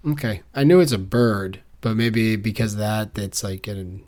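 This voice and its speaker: A man's voice: fairly low pitch, moderate pace, darkish tone. A man co-hosting a book podcast, talking in a blunt, joking, rambling way. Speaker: podcast co-host. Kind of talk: casual book-club chat.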